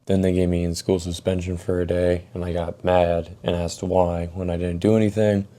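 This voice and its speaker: A young man recounts his own story in a relaxed, profanity-laced way, like a storytime vlog. His voice sits low and is very dark in tone. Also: normal speed. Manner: laid-back, profane storytelling. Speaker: storytime YouTuber.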